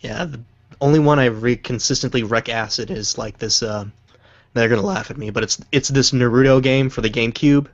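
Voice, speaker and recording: A man's voice: mid-range voice, fairly quick, dry recording. A man in his twenties hosting a casual stream, rambling and hunting for words, swearing casually. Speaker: stream host reading viewer questions. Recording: dull lo-fi dry voice chat.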